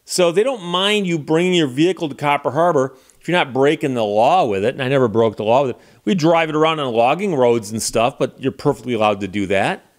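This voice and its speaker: Man telling a casual story, mid-pitched. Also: a little fast, hardly any pauses. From Detroit area, Michigan. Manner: animated storyteller who laughs at his own story and acts out dialogue. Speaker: channel host.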